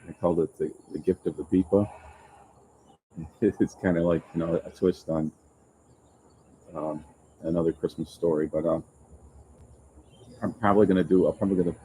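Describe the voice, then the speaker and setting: A man hosting a casual live chat for his channel, rambling and self-deprecating, with halting restarts. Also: low voice, warm tone, a little hiss or hum, low-quality recording. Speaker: YouTube channel host. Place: open-air restaurant overlooking the ocean.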